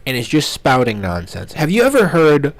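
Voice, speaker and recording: A man's voice: on the high side, huge pitch swings, normal speed, a little hiss or hum. A young man on a podcast, chatting casually and ranting about a classmate, laughing often and mocking people with put-on voices. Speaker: podcast co-host. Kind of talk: casual chat.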